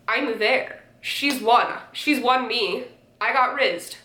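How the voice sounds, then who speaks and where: A young woman giving animated, sarcastic comedic commentary as a content creator, often exasperated. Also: fairly high pitch, takes it slowly, slight background noise. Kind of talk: comedic commentary on dating app messages. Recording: roomy echo.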